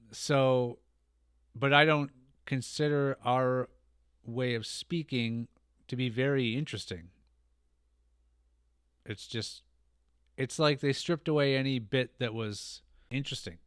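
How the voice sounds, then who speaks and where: Casting: American male host, rambling and self-deprecating, smooth clear tone, dry close sound. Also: medium pitch, fairly even intonation, a little slow, pauses often, fairly bright tone, no room sound. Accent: General American. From United States. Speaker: reaction channel host. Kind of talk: casual chat to camera.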